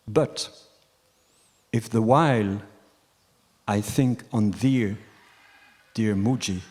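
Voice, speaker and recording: A man at a retreat, talking hesitantly with a few chuckles and reading verse aloud haltingly. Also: on the low side, a little mellow, big-room sound. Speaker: retreat participant. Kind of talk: casual conversation and poetry reading.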